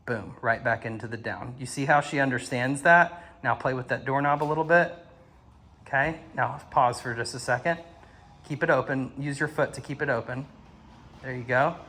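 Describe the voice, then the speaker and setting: A man working as a dog trainer, coaching an owner outdoors with calm instructions and frequent praise. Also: medium pitch, moderate pace, husky. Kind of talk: hands-on coaching. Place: outdoors at a house doorway and yard.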